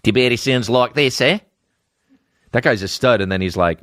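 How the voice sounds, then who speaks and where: A man's voice: medium pitch, moderate pace, fairly bright tone, no room sound, clean studio sound. A man hosting a comedy podcast, riffing and jumping into exaggerated character voices. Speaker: podcast host.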